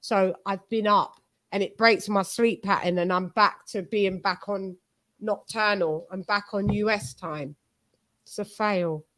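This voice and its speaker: A Cockney woman from East London hosts a boxing channel in loose, rambling chat full of slang. Her voice sits at a middle pitch. The recording is close and dry, with no room sound. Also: steady tone, unhurried, fairly bright tone, no room sound. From East London, England. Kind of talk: casual chat.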